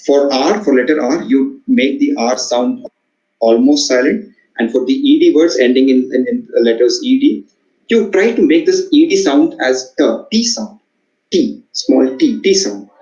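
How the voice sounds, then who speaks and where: This communication trainer, a man with an Indian English accent, lectures students haltingly, full of fillers and repeated words. His mid-range voice is warm and expressive. The room sounds echoey and dull.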